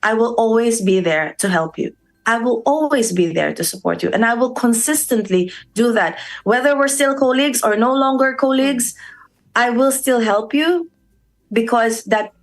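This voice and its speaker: A woman's voice: a little high, moderate pace. A middle-aged woman from the Philippines with a Filipino accent, a radio show guest telling stories and acting out quoted voices, slipping into Tagalog. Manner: storytelling, acts out quoted voices, mixes in Tagalog. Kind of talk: conversational radio interview.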